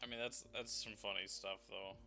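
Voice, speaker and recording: A man co-hosting a podcast, chatting casually in halting bursts with many restarts. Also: on the low side, fairly even intonation, vocal fry, sharp tone, soft background music. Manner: halting, restarts, laughs often. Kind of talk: casual chat.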